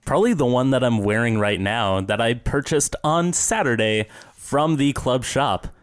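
A man's voice: mid-range voice, normal speed, smooth, no room sound, clean studio sound. A man co-hosting a casual podcast, hesitant and a bit stammering. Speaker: podcast co-host. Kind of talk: casual chat.

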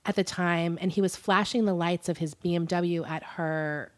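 A woman telling a story to her co-host in a loose, conversational way. Her voice sits fairly low. She leans on fillers and breaks into laughter often. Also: steady tone, normal speed. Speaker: podcast co-host. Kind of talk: casual storytelling chat.

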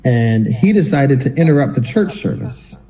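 A man with a mellow, darker tone co-hosts a casual podcast. He tells a personal story in an animated way and acts out the voices of the people in it. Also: medium pitch, moderate pace, poor audio. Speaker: podcast co-host.

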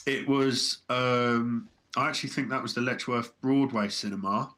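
A man's voice: mid-range voice, steady tone, normal speed, bright, forceful tone. A man, a comedy podcast co-host telling a story in casual chat, with hesitant restarts.

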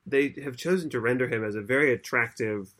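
A man's voice: mid-range voice, a little fast, a bit bright. A man co-hosting a podcast in casual chat, explaining at length and laughing often. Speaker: podcast co-host.

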